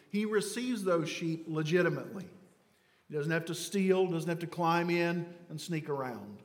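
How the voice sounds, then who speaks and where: A man preaching a sermon, swinging from loud emphatic phrases to hushed low words. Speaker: pastor. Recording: long hall reverb.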